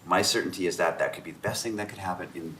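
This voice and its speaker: A man's voice: sits low, quick pace. A man from Canada, an author and host, telling stories at a round-table discussion and acting out the dialogue as he goes. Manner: animated storyteller who acts out dialogue. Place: room around a table. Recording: roomy echo, faint background noise.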